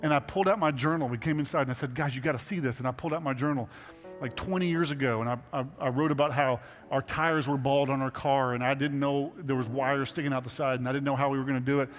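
Delivering a sermon from the church sanctuary, this middle-aged male pastor is a fast talker with a mid-range voice and steady tone. His earnest, conversational delivery rises into emphatic exhortations. Faint music sits under the hall reverb.

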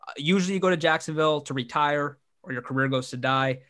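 A man's voice: fairly high pitch, fast, fairly bright tone. A man hosts a casual sports podcast with plenty of energy. He jokes around and rambles, often stopping to restart his sentences. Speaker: podcast host.

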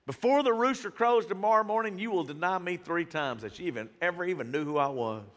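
A man voicing Jesus as a gentle, loving figure who talks calmly and uses casual slang. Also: sits high, fast, big-room sound. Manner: slangy, tender and calm. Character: gentle, loving male Jesus speaking softly.

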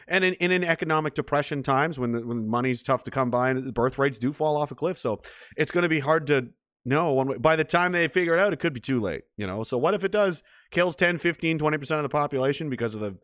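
A man's voice: medium pitch, fast, a bit bright, dry recording, studio quality. A man ranting sarcastically and swearing freely, reading and answering his chat in a livestream.

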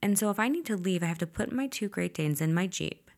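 A woman's voice: medium pitch, expressive, fast, darkish tone. A young woman hosting a podcast, telling a personal story in a blunt, profane way, full of "like" and acted-out dialogue. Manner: blunt and profane, heavy filler 'like', reenacts dialogue. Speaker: podcast host. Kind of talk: candid storytelling monologue.

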